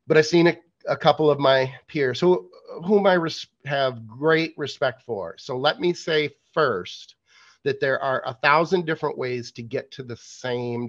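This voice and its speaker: A man with a hoarse voice from being ill, a coach and podcast guest explaining at length in a casual interview. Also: mid-range voice, fairly bright tone, dull audio. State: hoarse from illness.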